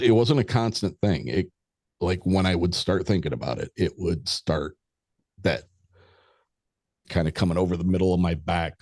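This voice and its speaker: A man with a very deep, low voice, recorded close and dry with no room sound. He is a podcast guest telling a story in a loose, candid way. He swears freely and slips into quoted conversations. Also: darkish tone, no room sound. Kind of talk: casual spoken storytelling.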